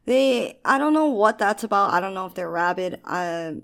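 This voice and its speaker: A woman's voice: medium pitch, expressive, normal speed, gravelly, a bit bright. A woman co-hosting a casual podcast, reacting with dry, wry remarks. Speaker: podcast co-host. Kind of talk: casual chat.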